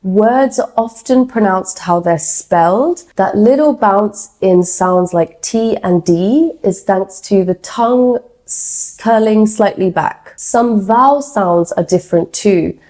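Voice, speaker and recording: Slow, mellow woman teaching English. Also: medium pitch, rough recording. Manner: measured, explanatory, upbeat. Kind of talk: scripted educational narration.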